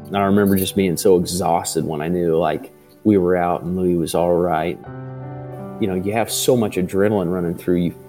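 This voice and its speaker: A man with a deep, mellow voice tells his story in a halting, hesitant way, full of fillers and restarts. He sounds like a father in his thirties speaking in an interview. Soft music plays faintly beneath him. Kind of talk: interview testimony.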